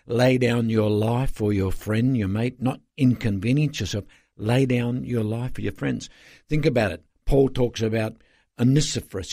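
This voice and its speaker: A man's voice: mid-range voice, a little mellow, no echo, studio quality. An older man, a pastor telling stories earnestly as an interview guest, rambling with fillers.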